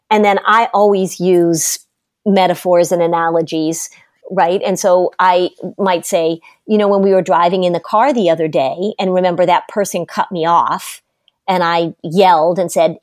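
Middle-aged woman, parenting expert, firm and emphatic, slightly low voice, dry close sound. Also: fairly even intonation, moderate pace, darkish tone, no echo. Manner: emphatic, firm, uses everyday examples. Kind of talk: casual conversational advice.

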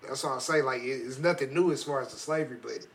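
A man's voice: medium pitch, fast, distant mic. A man in a casual podcast chat, emphatic, ending lines with "bro.". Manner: emphatic, ends lines with "bro" and "real talk".

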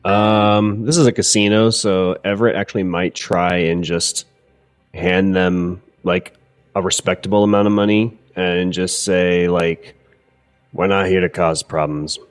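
A man's voice: low voice, flat delivery, a little slow, clear, resonant tone, faint music behind. A man playing a tabletop game, laid-back and joking as he describes his character. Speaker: player. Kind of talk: casual tabletop play.

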